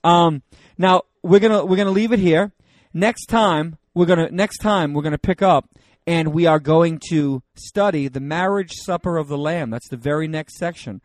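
A man's voice: a little high, normal speed, no echo. A man teaching a Bible study in a loose, joking, conversational way, reading scripture aloud with rising emphasis.

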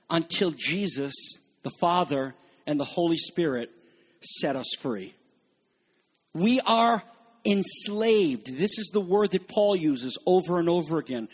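Male pastor, high voice, emphatic sermon delivery that swells to fervent peaks. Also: breathy edge. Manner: addresses congregation as folks.

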